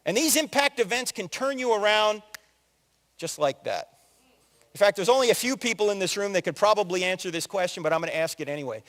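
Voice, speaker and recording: A man in his sixties from New Jersey giving an animated, joking story-driven talk as a conference speaker, acting out quotes in other voices. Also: sits high. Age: 60s. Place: large hall with audience. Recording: long hall reverb.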